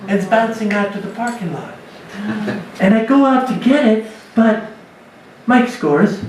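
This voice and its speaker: A man who teaches spirituality, telling a lively personal story to a church dinner gathering. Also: high-pitched, a little hiss or hum. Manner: animated storyteller, acts out his own voice in quotes. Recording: echoey hall recorded from far off.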